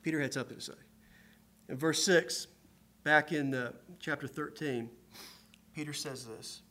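A man preaching a sermon, moving between hushed storytelling and loud, emphatic passages as he quotes scripture. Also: on the high side, moderate pace.

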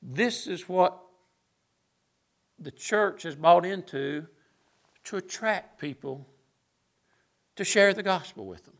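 A man's voice: sits high, animated, takes it slowly, vocal fry, long pauses. A man preaching a sermon, emphatic and sarcastic, building his points through lists.

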